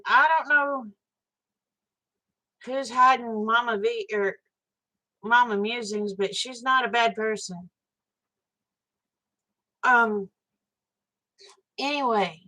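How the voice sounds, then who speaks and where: A woman's voice: a little high, slow pace, pauses often, pushed and bright, rough recording. A woman, hosting a live stream and telling a story in a frank, chatty way, swearing casually and talking straight to her viewers.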